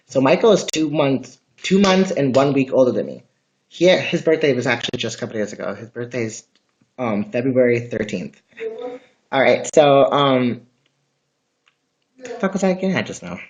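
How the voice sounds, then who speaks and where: A man rambles through a casual livestream from inside his house, chatty and profane. His voice sits at an ordinary middle pitch, and the phone audio comes through slightly dull and lo-fi. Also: expressive, moderate pace. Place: at home, indoors.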